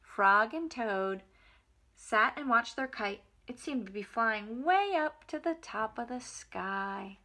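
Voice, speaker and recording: A woman reading a picture book aloud to small children in a gentle, expressive way. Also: on the high side, slow pace. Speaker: nursery school reader. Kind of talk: storybook read-aloud for children.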